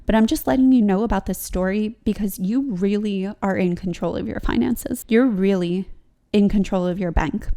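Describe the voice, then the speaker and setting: A woman's voice: medium pitch, moderate pace, mellow. A woman hosting a budgeting vlog, talking casually and rambling to her viewers with frequent "like"s and laughs. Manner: chatty, rambling, laughs often, fillers like "like". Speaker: budgeting channel host.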